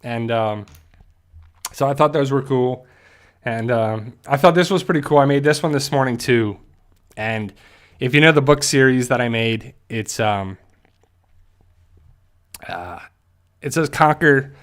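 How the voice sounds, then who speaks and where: A man hosting a casual livestream, talking haltingly with many fillers and restarts and growing emotional at times. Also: medium pitch, fairly bright tone. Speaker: YouTube channel host.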